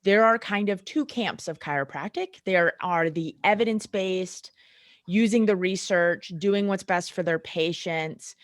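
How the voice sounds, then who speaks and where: Woman, middle-aged, sports chiropractor guest, animated storyteller, slightly low voice, dry close sound. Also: a little slow, no echo. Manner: animated storyteller who acts out the people she describes. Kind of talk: casual podcast conversation.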